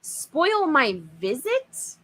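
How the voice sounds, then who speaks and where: A desperate, red-faced dad who cries out in a strained, rising voice, as a woman reading the story puts him on. He talks in slow, drawn-out bursts, bright and pushed hard. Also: sits high, very animated, voice pushed up, heavily acted. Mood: frantic.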